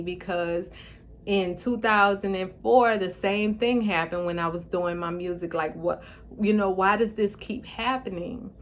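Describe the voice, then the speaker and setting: A medium-pitched woman vlogger, her speech slightly affected by a stroke, recounts her own story in a tearful, heartfelt way. She pauses to collect herself, and a little hiss or hum runs under the recording.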